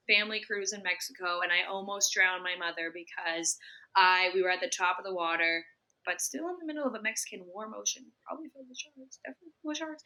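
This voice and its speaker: Young adult woman, casual podcast co-host, bright, forceful voice, animated and profane storyteller. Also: medium pitch, poor audio. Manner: swearing, animated storytelling with acted-out inner voice. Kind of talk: casual chat.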